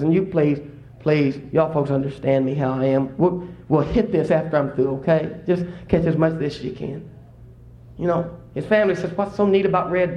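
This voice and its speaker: Echoey preacher man telling a story. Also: dull audio. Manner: storytelling, rising to excited high-pitched exclamations. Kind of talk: sermon. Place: church service.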